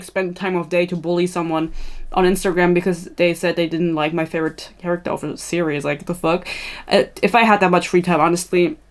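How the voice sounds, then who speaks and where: A woman hosting a podcast in a casual, tangential chatty style, swearing freely and laughing at her own asides. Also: on the low side. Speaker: podcast host.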